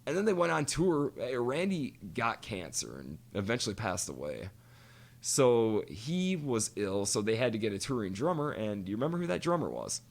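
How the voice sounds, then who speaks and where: A man's voice: medium pitch, sing-song, moderate pace, vocal fry. A man co-hosting a podcast, chatting casually and animatedly, cursing freely and telling stories with quoted voices. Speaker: podcast co-host. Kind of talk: casual chat.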